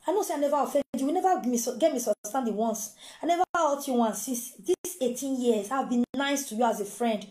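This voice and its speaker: A woman's voice: high voice, fairly quick, few pauses, warm tone, roomy sound, natural voice. A woman voicing a desperate, tearful mother begging. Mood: pleading. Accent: Nigerian Pidgin. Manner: pleading, tearful. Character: desperate woman begging a former friend for her children.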